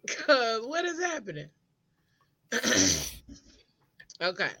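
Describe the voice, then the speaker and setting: A woman's voice: fairly high pitch, wildly swooping pitch, a crowd in the background. A woman co-hosting a casual group podcast, laughing often as she talks. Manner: laughs a lot, drawn-out slow delivery. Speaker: podcast co-host.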